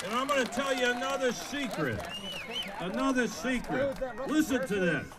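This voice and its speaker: A man from Massachusetts, a sheriff, giving a blunt, joking outdoor rally speech into a microphone, with bursts of shouting. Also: very high-pitched, lively intonation, normal speed. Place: outdoors at a state capitol lawn. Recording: outdoor rally with crowd noise.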